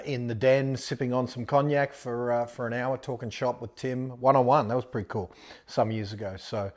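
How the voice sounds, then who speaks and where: Rambling, chatty man giving advice. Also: mid-range voice. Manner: chatty, rambling, with many fillers and restarts. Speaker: business mentor answering a question. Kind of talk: casual advice talk.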